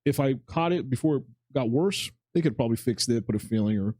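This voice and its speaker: A man's voice: medium pitch, lively intonation, fast talker, mellow, slightly rough, no echo. A man hosting a podcast, telling a story in loose, informal chat and acting out both sides of the conversations, with some mild swearing. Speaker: podcast host.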